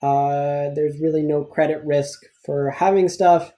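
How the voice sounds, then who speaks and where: Chatty man with a mellow voice. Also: on the high side, fairly even intonation, a little slow. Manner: candid, chatty, self-deprecating asides. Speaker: tutoring business instructor. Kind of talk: casual recorded lecture over slides.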